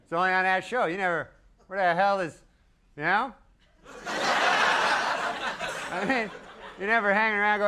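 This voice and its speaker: A man doing a stand-up comedy set, talking in a drawling, deadpan way with rambling asides. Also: high voice, unhurried, long pauses. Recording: live club set with loud crowd and noise. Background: audience laughter.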